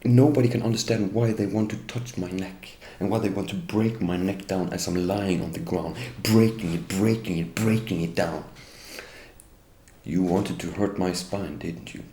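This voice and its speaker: A man's voice: low-pitched, normal speed, dark tone. A middle-aged man, an English speaker, giving a bitter, indignant first-person account as an interviewee and turning to address the police directly. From Norway. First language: Norwegian. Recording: roomy echo with faint ambience.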